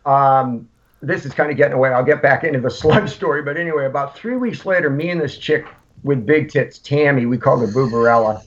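A man, a punk musician guest, telling rambling, animated stories in casual chat. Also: mid-range voice, brisk. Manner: rambling, animated anecdotes with acted-out quotes. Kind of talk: casual storytelling. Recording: lo-fi podcast audio.

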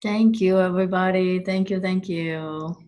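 Brief: woman guest with a lower voice, unhurried and earnest. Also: fairly even intonation, warm tone. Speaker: guest healer. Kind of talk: casual chat.

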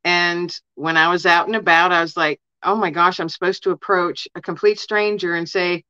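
A woman's voice: on the low side, fairly even intonation, moderate pace, few pauses, sharp tone, smooth, no room sound, highs cut off. A woman guest in an interview, earnestly telling personal stories in a casual way and often saying "you know". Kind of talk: casual storytelling.

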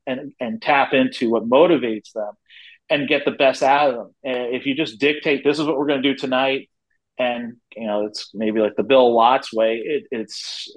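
On a rough recording, a man in his forties who heads a wrestling company answers interview questions in a medium-pitched voice. He's talkative, tells stories, and often restarts his sentences.

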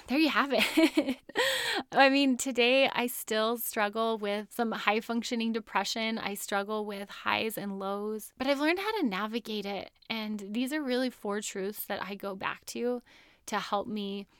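A woman's voice: mid-range voice, lively intonation, unhurried, fairly bright tone, dry recording, clean studio sound. A woman in her thirties hosting a podcast, telling a personal story in an earnest, chatty way and laughing often. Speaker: podcast host.

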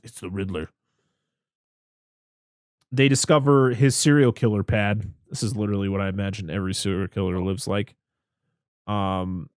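Male co-host, lowish voice, dry close sound, swears freely, rambling enthusiastic recap. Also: a little mellow, no echo. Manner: profane, rambling, enthusiastic retelling with filler words. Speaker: podcast co-host recapping a film. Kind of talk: casual chat.

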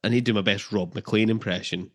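A man's voice: on the low side, fairly even intonation, fast talker, a bit bright. A man co-hosting a football podcast, chatting casually and jokily with filler ums. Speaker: podcast co-host.

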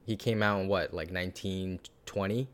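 A man co-hosting a podcast, rambling and animated in casual chat, swearing now and then. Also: low-pitched, moderate pace, clean tone. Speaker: podcast co-host.

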